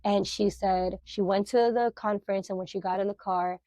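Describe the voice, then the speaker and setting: A middle-aged woman sharing a personal testimony as a podcast guest. She talks in an animated, emotional way with lots of fillers, at a medium pitch. The sound is dry and close. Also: moderate pace, no echo.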